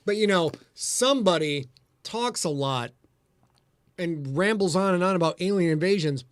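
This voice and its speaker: A man's voice: high-pitched, expressive, normal speed, no echo, studio quality. A man hosting a casual livestream chat, brash and teasing, full of jokes. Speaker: podcast host.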